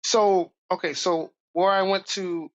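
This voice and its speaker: A man from Brooklyn, a podcast guest telling animated stories from his youth. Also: sits high, unhurried. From Brooklyn, New York. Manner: animated, acts out voices in stories. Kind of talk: casual storytelling.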